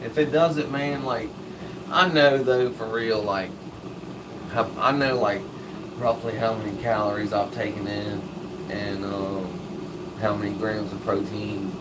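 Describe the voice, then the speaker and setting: A laid-back man drawls through a casual live stream chat, slow and full of slang and swearing. He sits back from the microphone, so his voice sounds distant. An air conditioner hums steadily behind him. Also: fairly low pitch, steady tone, background noise.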